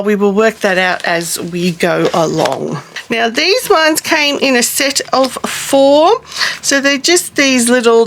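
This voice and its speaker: A middle-aged woman hosting a casual craft vlog, talking quickly in a chatty, rambling way with frequent small laughs. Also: a little high, fairly bright tone. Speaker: craft channel host. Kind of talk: casual show-and-tell vlog.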